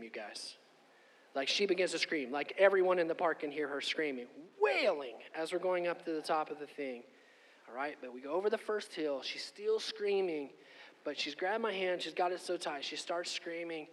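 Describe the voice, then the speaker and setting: A middle-aged man preaching a sermon and telling a personal story, conversational and animated, often asking "okay?". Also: on the high side. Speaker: pastor. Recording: long hall reverb.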